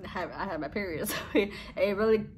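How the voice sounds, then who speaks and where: A woman's voice: medium pitch, quick pace, a little mellow, slight background noise. A young woman vlogging a casual story, rambling and giggly, often trailing off with "blah, blah, blah.".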